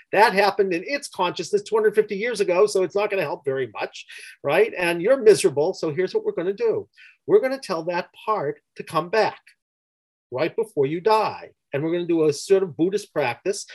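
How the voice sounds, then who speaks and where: A man's voice: high-pitched, a little mellow, rough recording. A male therapist recounting a session in conversation, emphatic and repeating key words for weight. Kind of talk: storytelling in conversation.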